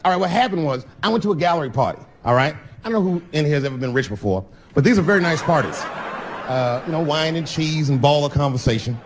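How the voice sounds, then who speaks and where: A male stand-up comedian telling a story on stage, dropping to a hush and then shouting the punchlines. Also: a little high, animated, fast talker. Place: large theater stage with an audience. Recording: reverberant venue sound with crowd noise. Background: audience laughter.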